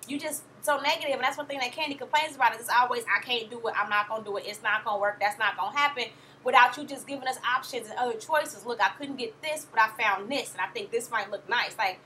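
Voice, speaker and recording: Sassy high-voiced woman vlogger. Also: pushed and bright, a little hiss or hum. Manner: sassy, blunt, slangy and profane. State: tired. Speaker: reality TV reviewer. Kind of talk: casual vlog commentary.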